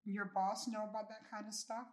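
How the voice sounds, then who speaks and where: Woman doing a breathy squeaky stripper girl. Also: flat delivery, moderate pace, a little mellow, close to an everyday voice. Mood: sympathetic.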